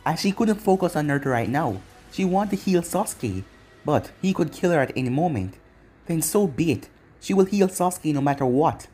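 A narrator reads fan fiction aloud in a plain storytelling manner with a lively pitch, speaking fairly quickly in a slightly rough voice.

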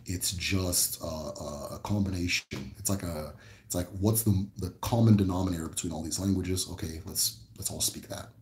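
On a casual livestream, a low-pitched man from the American Midwest talks at a normal speed, and the sound is roomy. He answers questions from viewers in an easygoing, meandering way, often using fillers and starting over.

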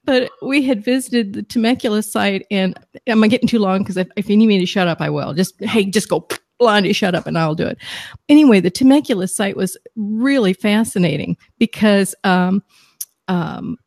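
A middle-aged woman, a guest psychic medium, telling a story in an animated, excitable, rambling way on a talk show. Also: mid-range voice, normal speed, creaky, no echo, studio quality.

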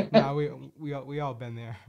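A man's voice: medium pitch, normal speed, muffled recording, a crowd in the background. Laid-back laughing male podcast host. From Boston area. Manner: laid-back, laughs often, swears casually. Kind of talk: casual chat.

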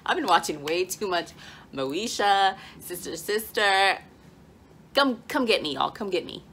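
A woman hosting a casual book vlog at home, playful and animated, often laughing and dropping into stage whispers. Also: medium pitch, unhurried, husky. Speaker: book vlogger. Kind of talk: excited casual vlog announcement. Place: home, with dogs nearby.

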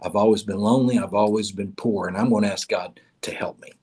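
A man's voice: on the low side, fairly even intonation, fast, warm tone, breathy edge. A man telling a parable, voicing a lonely, poor and hungry male traveler in an earnest, plain-spoken way.

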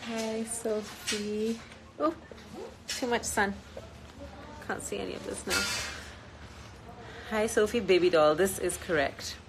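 A woman's voice: medium pitch, fairly even intonation, takes it slowly, vocal fry, long pauses, background noise. A woman chatting casually on a live stream, reading out viewer comments and mixing English with Hindi, with frequent ums. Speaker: singer hosting a live stream. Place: outdoors in sunny Goa.

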